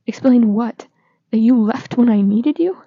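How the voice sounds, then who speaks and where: A woman's voice: fairly high pitch, normal speed, warm tone, no room sound. A woman reading the lines of an upset young man, delivering them in a raised, heated voice. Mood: angry. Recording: slightly dull lo-fi recording.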